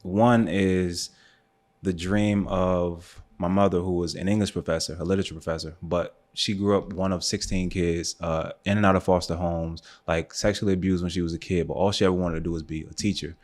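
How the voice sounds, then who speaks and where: Deep-voiced man telling a personal story. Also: brisk. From United States. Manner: relaxed, frequent fillers like "um" and "like". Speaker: photographer and podcast guest. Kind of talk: casual conversational storytelling.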